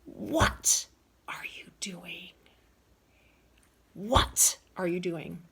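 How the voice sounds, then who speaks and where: A woman voicing a cruel old grandmother who is quick to anger, with a sharp hissing voice or a put-on sugary tone. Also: fairly even intonation, exaggerated voice. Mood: furious. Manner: sharp angry hiss, or a mock-sweet high voice.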